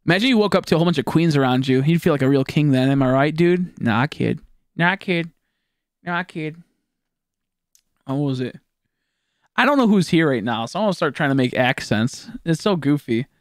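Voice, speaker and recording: A young man with a Texan accent, from Texas, talks fast in a fairly high voice with lively intonation while live-streaming a game. He rambles, jokes and swears as he chats with viewers, and the recording is dry with clean studio sound.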